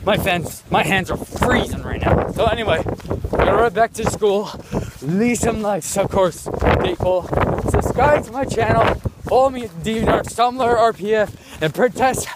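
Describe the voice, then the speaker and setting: A man's voice: high-pitched, moderate pace. A man vlogging outdoors into a handheld phone, telling a rambling story and repeating "of course" constantly. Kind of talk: casual rambling story vlog. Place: outdoors in the cold, walking. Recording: loud wind noise on phone mic.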